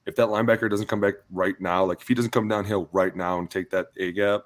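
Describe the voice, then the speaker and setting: A man with a fairly low voice chats casually on a sports podcast. He tells stories with energy and acts out the coaches and players in them. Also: fairly even intonation, fast. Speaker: podcast co-host, former offensive lineman.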